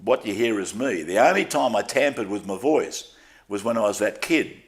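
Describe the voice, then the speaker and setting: In a relaxed interview with slight background noise, an older Australian sports broadcaster tells candid, self-mocking stories. His voice is on the low side and he talks at a normal speed.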